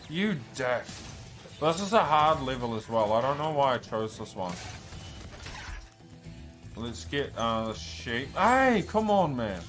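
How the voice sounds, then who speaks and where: Slow-talking swearing speedrunner man. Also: mid-range voice. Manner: frustrated, swears and shouts at enemies. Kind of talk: live gameplay commentary.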